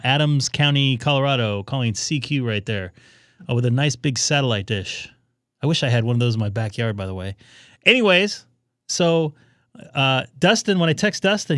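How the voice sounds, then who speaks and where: A man hosting a casual ham radio live stream from his home radio room, telling stories in an excited, rambling way. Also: a little high, dry recording, studio quality.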